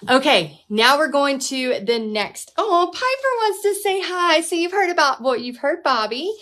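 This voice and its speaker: With lively intonation and a slightly bright voice, this painting instructor teaches a live class from her home studio at a moderate pace. She's chatty and cheerful on the casual stream, and uses a high baby voice to speak to her dog.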